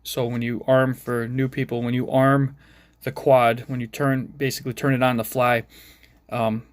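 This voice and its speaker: A man's voice: medium pitch, flat delivery, moderate pace, dry recording. Mumbling, chatty man in a dry room. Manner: mumbling, chatty, self-deprecating asides. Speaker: FPV drone hobbyist showing his build. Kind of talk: casual rambling tech vlog.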